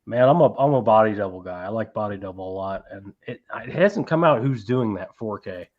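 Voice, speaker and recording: A man's voice: lowish voice, animated, fairly quick. A man hosting a casual movie-collecting live stream, rambling, swearing freely and reading out chat messages. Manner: rambling, profane, reads chat aloud. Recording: dull lo-fi stream audio.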